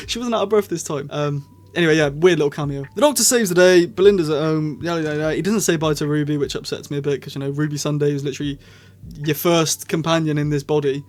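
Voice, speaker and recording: Man, fairly high voice, casual spoken review, rambling, opinionated, many restarts. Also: very fast, darkish tone. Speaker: show reviewer.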